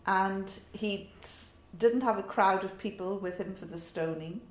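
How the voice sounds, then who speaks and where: A middle-aged woman with a northern English accent tells a personal story in a reflective, wry way, with pauses and fillers. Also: medium pitch. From north of England. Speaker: interviewee. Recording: roomy echo.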